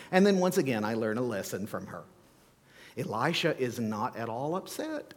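A man preaching as a pastor, telling the story in an animated way, acting out scenes with playful asides. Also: mid-range voice, normal speed. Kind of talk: sermon. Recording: long hall reverb.

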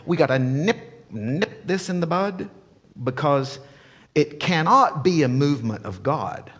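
A man's voice: on the high side, animated, a little slow, fairly bright tone, slightly rough, long reverb tail, lo-fi sound, full character voice. A man voicing a puffed-up, indignant male religious leader who scolds and repeats himself insistently.

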